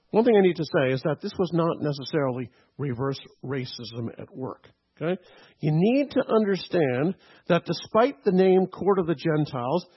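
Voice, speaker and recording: Male pastor, teaching sermon, slightly raised pitch, husky, muffled recording. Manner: teaching tone, frequent "okay?" and "right?" checks.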